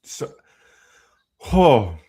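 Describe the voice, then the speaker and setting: A man's voice: warm tone, a little hiss or hum. A man co-hosting a casual livestream, telling rambling personal stories with a laugh. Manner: rambling storyteller, quick and chuckling.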